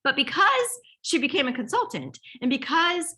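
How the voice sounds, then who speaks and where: Woman, bright clear voice, chatty, rambling, motivational team talk. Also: high-pitched, very animated, normal speed. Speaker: direct sales team leader.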